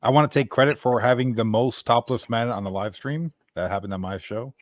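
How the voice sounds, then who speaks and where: A man's voice: medium pitch, brisk, dry recording. A man appearing as a guest on a casual livestream, answering in a laid-back, hesitant way. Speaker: guest, a comics and gaming content creator.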